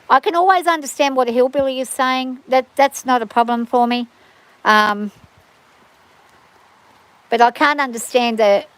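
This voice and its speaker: A woman chats away on her farm livestream in an easy, rambling way, often restarting her sentences. Her voice sits a little on the high side for a woman. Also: no room sound, low-quality recording. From Australia. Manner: chatty, rambling, frequent restarts. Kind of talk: casual rambling chat.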